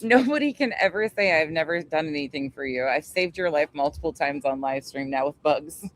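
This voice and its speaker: A woman's voice: deep voice, brisk. A woman co-hosting a casual livestream outdoors, telling stories with lots of laughing and swearing. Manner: laughing, swearing, excitable storytelling. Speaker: livestream co-host. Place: outdoors at home.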